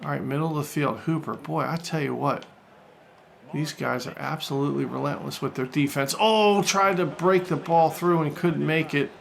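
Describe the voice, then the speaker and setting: A man commentating on his own football video game like a jokey sportscaster, getting loud and excited during attacks and saves. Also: fairly high pitch, normal speed, creaky. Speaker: gaming YouTuber. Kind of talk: let's-play commentary.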